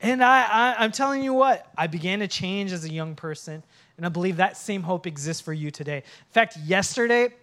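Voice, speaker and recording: A male pastor in his late thirties from Minnesota, preaching with self-mocking humor before a quiet, prayerful close. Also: sits high, lively intonation, a little fast. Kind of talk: sermon.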